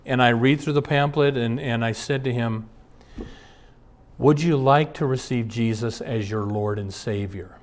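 A man's voice: medium pitch, unhurried. A man, a pastor, giving an earnest sermon built around personal stories, reading passages aloud and then recounting anecdotes from his ministry. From Twin Cities area.

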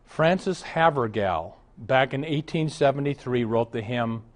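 A man's voice: medium pitch, a little slow. A man, a pastor, preaching a sermon full of anecdotes, mixing humor with exhortation. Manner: animated storytelling, mixes humor with exhortation.

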